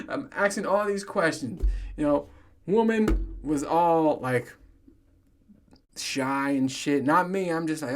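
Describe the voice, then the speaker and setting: A man's voice: a little high, slow. A man in his thirties hosting a podcast, telling crude stories on his own with heavy swearing and frequent laughter. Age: 30s. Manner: profane, storytelling, laughs often. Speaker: podcast host. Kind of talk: casual solo monologue.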